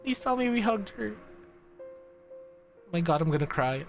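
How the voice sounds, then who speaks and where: A man's voice: fairly high pitch, lively intonation, unhurried, gravelly, soft background music. A man streaming a live reaction to a game story, talking emotionally and stammering as he gushes.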